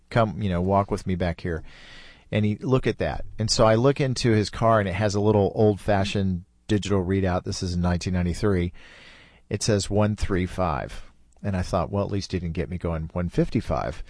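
A middle-aged man with a somewhat low voice, telling a long story in a relaxed and chatty way. He laughs easily as he talks. The sound is dry and close, with no room echo. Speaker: podcast host. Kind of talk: casual storytelling.

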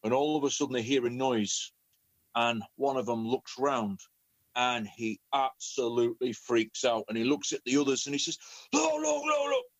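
A man who is a professional storyteller, telling a family story in an animated way, often repeating words. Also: mid-range voice, moderate pace, dry recording. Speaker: professional storyteller and children's author. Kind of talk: conversational storytelling.

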